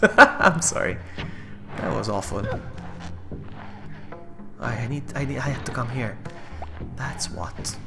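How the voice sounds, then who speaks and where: A man streaming a game live, chatting to viewers and yelping or shouting when something startles him. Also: mid-range voice, lively intonation, takes it slowly, creaky, long pauses. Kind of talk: live let's-play commentary. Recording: game music playing underneath.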